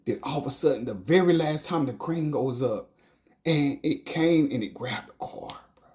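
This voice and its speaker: In a medium-pitched voice with lively intonation, a man tells an emotional testimony about a dream. His delivery is halting and repetitive, with stumbles and moments where he drops into a whisper.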